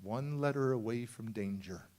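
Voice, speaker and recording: A motivational speaker telling a personal story at a conference, acting out the people in it and swinging between hushed and loud. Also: male voice, mid-range voice, normal speed. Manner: acts out voices of people in his story, swings from hushed to shouting. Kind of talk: dramatic storytelling keynote. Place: large conference hall.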